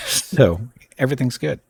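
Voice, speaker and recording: A man's voice: mid-range voice, lively intonation, unhurried, creaky, slightly rough, no echo. A man hosting a casual live stream from home, rambling and chatting with frequent laughs. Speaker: streamer host.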